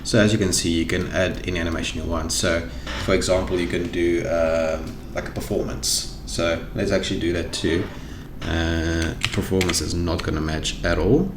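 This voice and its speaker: Man, South African accent, tutorial narration, low gravelly voice, echoey room, background noise, keyboard typing. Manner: thinking aloud while clicking through menus. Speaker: tutorial host. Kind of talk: screen-recorded software tutorial.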